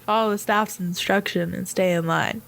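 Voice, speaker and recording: A woman reading lines as a calm young male guard giving firm instructions. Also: mid-range voice, normal speed, vocal fry, pitched below the performer's own voice.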